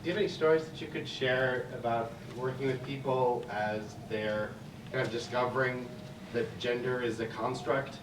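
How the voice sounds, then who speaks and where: Man asking slow careful questions. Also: medium pitch, steady tone. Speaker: interviewer. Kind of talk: panel conversation in church. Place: large echoey church sanctuary. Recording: echoey room, distant mic, background noise.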